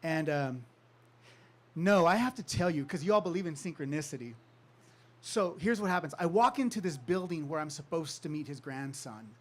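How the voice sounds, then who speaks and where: A man with a high voice tells a story to a live audience. He is animated and laughs often, and he jumps into the voices of the people he quotes. He grew up in California. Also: normal speed. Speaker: author giving a talk.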